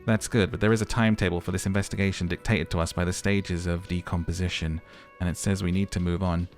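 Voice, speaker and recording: A man narrating and voicing a game playthrough with calm storytelling. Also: low voice, quick pace, soft background music.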